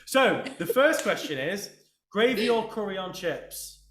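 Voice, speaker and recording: A chatty English man hosts a casual interview chat with a slightly high voice. He jokes and goes off on tangents, and his voice rings in an echoey room. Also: sing-song, measured pace, fairly bright tone. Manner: chatty, jokey, rambling asides. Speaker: podcast host.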